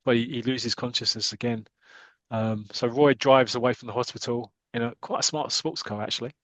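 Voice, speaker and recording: Brief: British male host, chatty and jokey, mid pitch, dry room. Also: steady tone, fairly quick, a bit bright, no room sound. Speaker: podcast host. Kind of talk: casual chat, retelling a comic.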